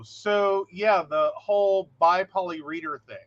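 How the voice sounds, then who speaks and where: A man's voice: sits high, a little slow, muffled recording. A man co-hosting a casual podcast chat, telling stories with lots of laughter and acted-out quotes. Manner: animated storyteller, acts out quotes, laughs often. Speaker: podcast co-host.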